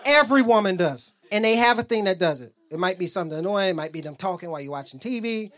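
Stand-up comic, male, profane and brash, lively pitch, live club mic. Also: quick pace, crowd noise. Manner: brash, profane storytelling with loud character bits. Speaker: stand-up comedian. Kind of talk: stand-up comedy set. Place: comedy club stage.

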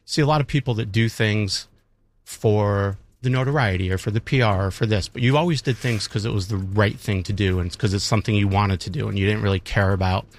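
A fairly low-voiced man speaks a sentimental tribute on live radio. He pauses and restarts as he gathers his words. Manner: halting, sentimental. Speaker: radio colleague.

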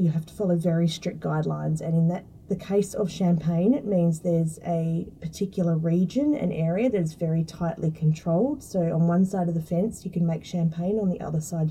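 A mellow, quite dark-toned woman with a slightly husky voice. She explains things in a relaxed, chatty way, full of ums and restarts. She sounds a little distant from the microphone. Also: lowish voice. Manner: chatty, explanatory, many fillers. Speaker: food scientist guest. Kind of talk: casual interview talk.

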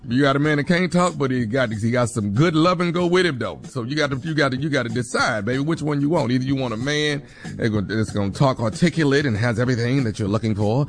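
Man putting on a stammering Southern boyfriend with a Southern accent, mumbly, gravelly, repeating words, talk-show bit. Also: mid-range voice, fast, lightly acted. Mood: boastful.

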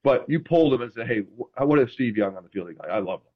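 A man, a former quarterback, chats in a casual interview. He tells animated stories and acts out his exchanges with referees. His voice comes through a slightly dull, muffled remote connection. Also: medium pitch, fast talker, husky.

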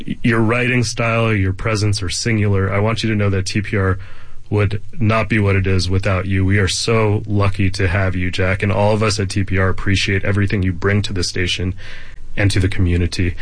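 A man with a fairly low, flat-pitched voice speaks fairly quickly on a dry recording. He's hosting a public radio membership drive, earnestly and appreciatively thanking donors and praising a colleague in a mix of pledge appeal and interview.

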